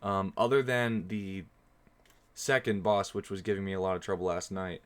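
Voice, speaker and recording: A young man commenting on his own horror-game stream in a slightly low voice. He rambles casually to his viewers, dropping lots of ums and restarts. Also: steady tone, moderate pace.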